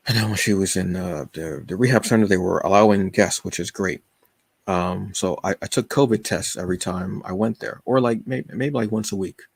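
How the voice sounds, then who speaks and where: A man with a deep, gravelly, slightly husky voice tells a personal story on his podcast. He speaks in an emotional, confessional way, full of fillers and restarts, and the recording is dry and close. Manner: halting, with many fillers and restarts. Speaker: podcast host.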